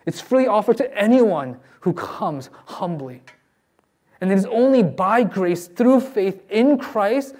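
A man's voice: sits high, a little mellow. A man preaching a sermon as a pastor, earnest and pleading with his listeners.

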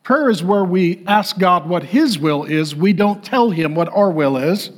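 A man's voice: sits high, measured pace. A middle-aged man preaching a sermon as pastor, joking and acting out voices. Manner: animated, jokey, acts out voices.

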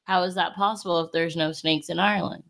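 A woman co-hosting a podcast, teasing her co-hosts and asking quick questions in casual chat. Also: fairly low pitch, fairly even intonation, vocal fry, fairly bright tone. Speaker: podcast co-host.

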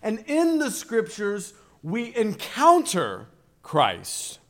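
A man preaching a sermon, slow and deliberate, building to emphatic swells on key phrases. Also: high-pitched, huge pitch swings, a bit bright. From Virginia, USA.

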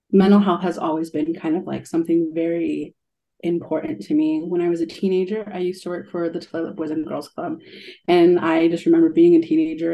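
A woman's voice: fairly low pitch, warm tone. A young adult woman, an art therapist, telling a heartfelt story in a radio interview, with many ums and likes.

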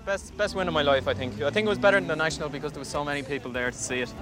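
Fast-talking runner, noisy street. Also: male voice, fairly high pitch. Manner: quick, breathless answers. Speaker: race winner interviewee. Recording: outdoor archive clip with street noise.

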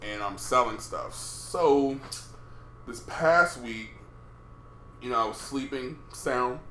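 Give me a bright-voiced young man swapping stories on a podcast, animated and profane, in a roomy room. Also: mid-range voice, slow, a little hiss or hum. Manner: animated, profane, gets loud retelling quotes. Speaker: podcast co-host. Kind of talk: casual storytelling chat. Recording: roomy room with faint ambience.

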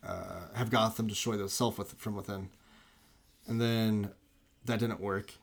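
A man's voice: lowish voice, steady tone, unhurried, vocal fry. A man in casual film chat, rambling and enthusiastic, full of "like" and restarts.

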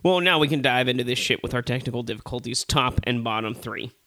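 A man co-hosting a casual movie review chat, ranting with animated, profane exasperation. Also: medium pitch, quick pace.

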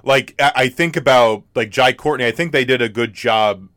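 A man co-hosting a casual podcast about a film, halting and full of fillers. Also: mid-range voice, fairly bright tone, no room sound, studio quality. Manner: halting, repeats words, many fillers. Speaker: podcast co-host. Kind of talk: casual movie discussion.

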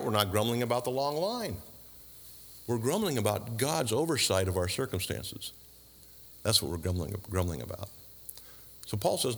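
Animated preaching man in a reverberant hall. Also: mid-range voice, breathy edge. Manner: animated preaching with rhetorical questions and dry asides. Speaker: pastor. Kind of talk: sermon.

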